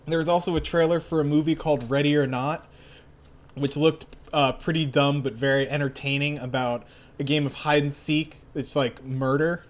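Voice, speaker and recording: Excitable young man laughing through chat. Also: on the high side, moderate pace. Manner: laughs often, excitable, lots of "like" fillers. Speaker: podcast co-host. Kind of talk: casual chat.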